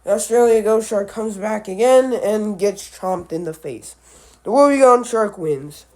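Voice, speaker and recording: A male animal vlogger talks through creature matchups at an unhurried, slow pace. He often stops mid-word to restart or correct himself. He drifts into offhand, musing asides along the way. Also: sits high, a little mellow. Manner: halting, with frequent restarts and self-corrections. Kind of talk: casual commentary on animal matchups.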